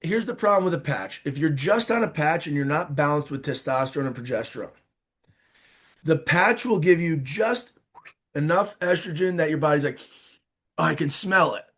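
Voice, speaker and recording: A man's voice: a little high, animated, moderate pace, a bit bright. A male doctor giving informal, emphatic expert answers as a guest in an interview. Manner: emphatic, informal, direct advice.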